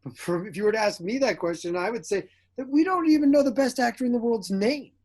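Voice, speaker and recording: A man's voice: extremely high pitch, quick pace. A man, an actor and director, chatting in an interview and telling stories animatedly. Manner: animated storyteller who acts out quotes, laughs often. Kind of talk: casual interview chat.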